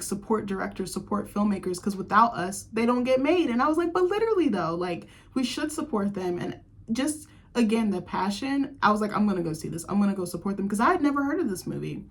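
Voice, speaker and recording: A young woman hosting a casual chat show, gushing and chatty, filling her talk with "like". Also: mid-range voice. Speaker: host.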